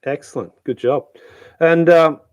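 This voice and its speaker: A man's voice: on the high side, a little slow, clear, resonant tone, no echo, lo-fi sound. An Australian man hosting a live-streamed interview show, chatty, with many fillers and restarts. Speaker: host.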